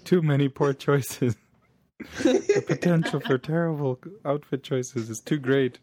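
A woman co-hosting a casual chat, joking and putting on quick silly voices. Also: sits low, warm tone. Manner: jokey, throws in put-on quotes. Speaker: podcast co-host.

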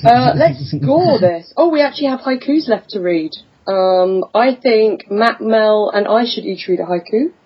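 A woman's voice: a little high, lively intonation, a little slow, hardly any pauses, slightly rough, highs cut off. A woman hosting a podcast in casual chat, chatty and giggly with frequent fillers. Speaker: podcast host.

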